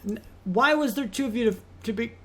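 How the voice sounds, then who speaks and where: Man, high voice, casual gameplay commentary, chatty, easily exasperated, rambling. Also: a little fast, sharp tone. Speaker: let's play host.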